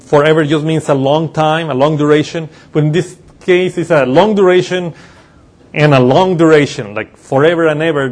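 A man preaching a sermon, explaining scripture in a loose teaching way with pauses and self-corrections. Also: a little high. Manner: uses slides while teaching.

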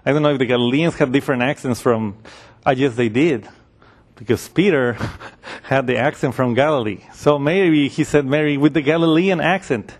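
A man's voice: mid-range voice, normal speed. A man preaching a sermon in a conversational way, acting out the voices of the people in his story.

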